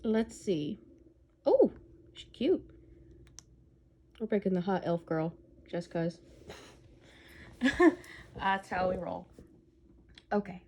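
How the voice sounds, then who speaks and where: A woman's voice: mid-range voice, lively intonation, slow pace, pauses often, warm tone. A woman giving casual, rambling gameplay commentary as a let's play host, humming to herself between remarks. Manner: rambling, chatty, hums to herself.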